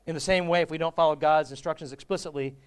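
A man's voice: on the high side, fairly even intonation, fast talker, smooth. Joking, conversational male preacher. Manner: humorous, conversational, asks the congregation. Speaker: pastor. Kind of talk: sermon.

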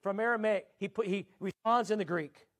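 A man preaching a sermon, emphatic, drawing out scripture quotes slowly and swinging his pitch up and down. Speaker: pastor.

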